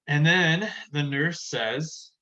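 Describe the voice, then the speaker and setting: Bright-voiced man explaining a lesson. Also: a little high, slow pace, lo-fi sound. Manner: chatty, retells scenes in everyday words. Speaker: teacher. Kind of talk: casual classroom explanation.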